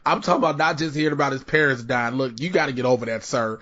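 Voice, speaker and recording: A man hosting a podcast in casual chat, brash and joking, an animated storyteller. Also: medium pitch, fast. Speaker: podcast host. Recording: dull, muffled podcast audio.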